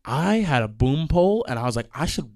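A man's voice: a little high, very animated, fairly quick, darkish tone. A young man hosting a podcast, ranting in a heated, profane, emphatic way. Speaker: podcast host. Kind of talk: ranting monologue.

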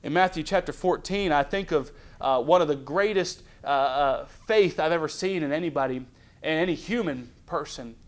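In a church, a male pastor with a slightly high voice speaks at a normal pace during a midweek Bible study sermon. He reads scripture aloud, puts questions to the congregation, and acts out small scenes, often restarting his sentences. His preaching leans on rhetorical questions and dramatized asides.

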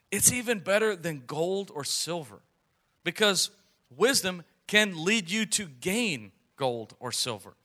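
A man preaching to a young adult group in a conversational, animated way, telling family stories and reading scripture. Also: on the high side. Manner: conversational, animated, with storytelling asides. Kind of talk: sermon.

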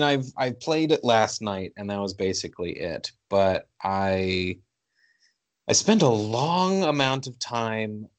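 A man's voice: lowish voice, no echo. A man in casual conversation about video games, with dry, wry humor. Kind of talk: casual gaming chat.

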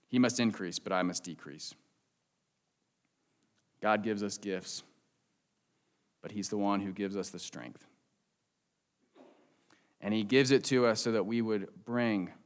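A male pastor delivering a sermon in a church, with a lowish voice. His tone is smooth and resonant, and his delivery is earnest and conversational. He closes the sermon with a quiet prayer.

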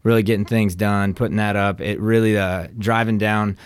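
Laid-back low-voiced male co-host. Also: fairly even intonation, moderate pace, smooth, dry recording, studio quality. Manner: laid-back, says man and dude often. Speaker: podcast co-host. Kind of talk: casual podcast chat.

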